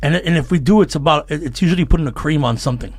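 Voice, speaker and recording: A man's voice: on the high side, breathy edge, dry recording. A man, a comedian guest, chatting casually on a podcast, swearing freely, telling stories and laughing often. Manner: profane, storytelling, quick to laugh. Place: small podcast room lined with foam.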